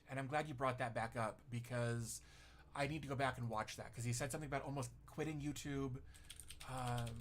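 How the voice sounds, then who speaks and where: A middle-aged man chatting casually on a tech livestream, reading out viewer comments. He rambles in a self-deprecating way, often restarting his sentences and filling the gaps with "um" and "uh." His voice sits at an ordinary, middle pitch for a man. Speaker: tech YouTuber hosting a livestream.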